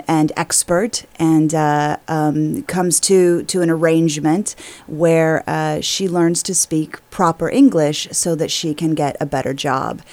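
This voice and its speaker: Low-voiced woman co-host, hesitant. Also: darkish tone. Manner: hesitant, with many fillers and restarts, explaining at length. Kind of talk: casual radio chat.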